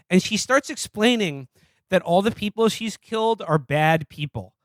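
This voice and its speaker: A man's voice: sits high, lively intonation, moderate pace, no room sound. A man co-hosting a podcast, rambling and sardonic as he reviews a film in casual, profane chat. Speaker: podcast co-host.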